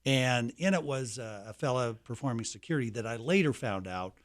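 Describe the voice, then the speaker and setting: A man's voice: mid-range voice, lively intonation, fairly quick. An older man from Colorado talks as a guest in an easygoing interview. His voice sits in an ordinary middle register, and he winds through stories unhurriedly, often restarting his sentences. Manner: leisurely, anecdotal, with restarts. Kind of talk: casual interview storytelling.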